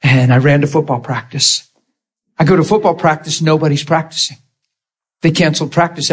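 A man preaching a sermon, telling a personal story in an animated, laughing way and acting out the people in it. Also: fairly high pitch, normal speed, husky. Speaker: pastor. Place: church.

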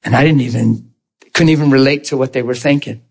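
A middle-aged preacher delivers a sermon testimony, animatedly telling his story, acting out voices and laughing a lot. His mid-range voice is gravelly and slightly rough, and he talks a little fast.

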